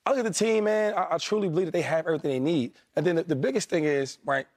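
A man who used to play football, giving his view on a sports debate show in an animated, emphatic way. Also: fairly high pitch, racing. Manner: animated, emphatic, talks over others. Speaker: former football player, analyst.

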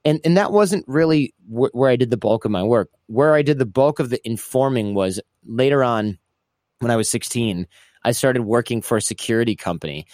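A man's voice: medium pitch, moderate pace, no room sound, clean studio sound. A man telling a casual story in an interview, stumbling and restarting, acting out the people he quotes. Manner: animated, acts out quoted voices, restarts often. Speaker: guest recounting his past.

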